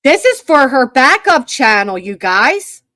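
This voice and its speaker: A woman's voice: high-pitched, big pitch swings, measured pace, bright, forceful tone, no echo, clean studio sound. Mocking woman livestream commentator. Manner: mocking, exasperated, addresses viewers and chat. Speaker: commentary channel host. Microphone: computer mic.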